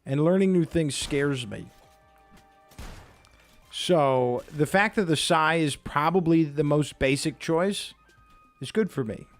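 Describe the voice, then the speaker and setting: A man's voice: fairly high pitch, slow, pauses often, faint music behind. A man giving let's-play commentary as he plays, chatty and self-mocking, reacting aloud to the game. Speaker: gaming video creator.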